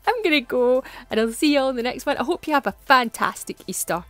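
A woman's voice: high voice, quick pace, no echo. Scottish woman, chatty, giggly, dry close sound, faint music behind. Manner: chatty and giggly, laughs often. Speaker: nail art vlogger. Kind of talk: casual tutorial chat.

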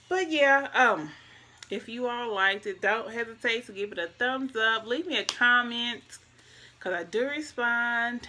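Woman in her twenties, vlogger, bright tone, soft and reflective casual storytelling straight to camera. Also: on the high side, a little slow, slight background noise. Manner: soft-spoken, reflective, talks straight to viewers.

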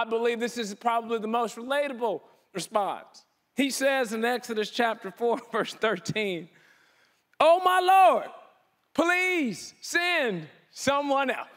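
A man giving a conference sermon in an animated preaching style, with casual slang. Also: very high voice. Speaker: keynote speaker.

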